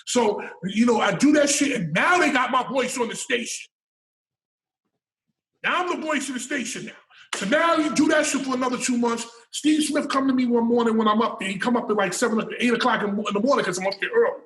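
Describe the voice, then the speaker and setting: A man telling a story as an interview guest, loud and profane, breaking into shouted hype calls. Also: extremely high pitch, fairly quick, reverberant, rough recording. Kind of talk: animated storytelling.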